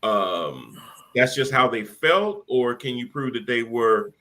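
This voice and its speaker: A man's voice: medium pitch, lively intonation, takes it slowly, bright, forceful tone, rough recording. A man in casual political chat, rambling and incredulous, often amused.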